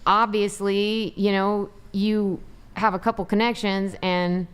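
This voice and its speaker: A woman's voice: medium pitch, level tone, slow pace, clear, resonant tone. A woman who is a guest on a casual podcast panel, rambling and filling her talk with "you know.".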